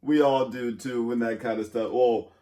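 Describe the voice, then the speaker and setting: A man's voice: mid-range voice, steady tone, normal speed, warm tone. A man hosting a reaction video, chatting casually with viewers in a laid-back way.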